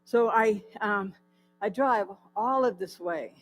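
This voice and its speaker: A woman giving a personal recovery testimony at a church, telling her story in a lively way, acting out the dialogue and often laughing. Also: medium pitch, slow pace, low-quality recording. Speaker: guest speaker at a church. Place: church hall.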